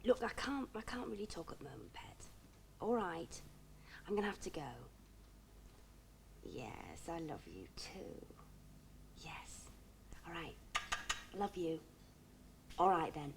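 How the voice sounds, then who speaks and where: A woman playing someone whispering a hurried goodbye to a lover on the phone, hushed and murmuring. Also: on the low side, very animated, vocal fry, background noise, full character voice.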